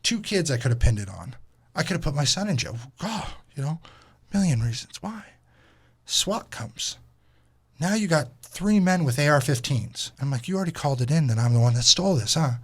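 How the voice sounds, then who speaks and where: A man's voice: on the high side, fast talker, husky. A man in his thirties telling a road trip story to camera as a vlogger and father, swearing freely and acting out what people said. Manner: profane, animated, acts out quotes. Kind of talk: casual storytelling.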